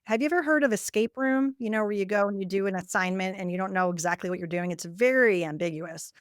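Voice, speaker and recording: A woman's voice: mid-range voice, fast, smooth, dry recording, studio quality. A woman hosting a podcast, chatting casually and laughing easily with her guest. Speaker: podcast host. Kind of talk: casual interview chat.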